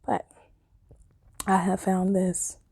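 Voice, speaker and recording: A woman's voice: takes it slowly, vocal fry, breathy edge. A woman telling a personal story in a casual vlog, acting out what people said with big jumps in her voice and frequent laughter. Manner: animated, acts out quotes with big pitch jumps, laughs often.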